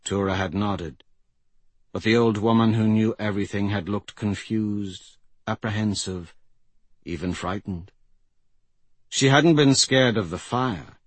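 A man reading a fantasy audiobook in a measured, dramatic way, with his pitch rising in the tense passages. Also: dry recording. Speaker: audiobook narrator. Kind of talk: scripted fantasy narration.

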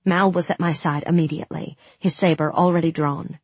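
A woman narrating a fantasy audiobook in the first person, with steady, dramatic storytelling on a close studio mic. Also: low-pitched, fairly quick, slightly rough, no room sound.

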